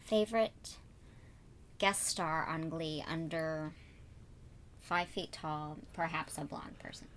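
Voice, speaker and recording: A woman's voice: sits low, slow pace, pauses often, a bit bright. A woman interviewing a guest in a trailer on a TV set, bubbly and teasing, with playful asides.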